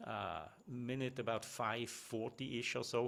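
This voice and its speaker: A man's voice: mid-range voice, animated, normal speed, vocal fry, fairly bright tone. A middle-aged man giving one-on-one feedback as a presentation coach, talking conversationally with frequent tag questions and restarts.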